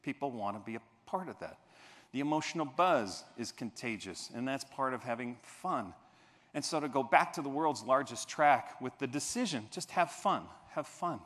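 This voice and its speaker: A man delivers a motivational keynote from a convention stage, his voice bright and ringing as it swings widely up and down. He tells his story with energy, acting out the scenes and shouting now and then. The sound carries the long reverb of a large hall. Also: medium pitch, expressive, normal speed. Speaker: keynote speaker.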